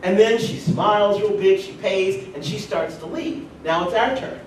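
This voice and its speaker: A man from rural North Carolina, giving a personal storytelling speech at a conference and making animated asides to the audience. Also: moderate pace. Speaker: conference speaker. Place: conference hall. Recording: echoey hall from far off, faint rumble.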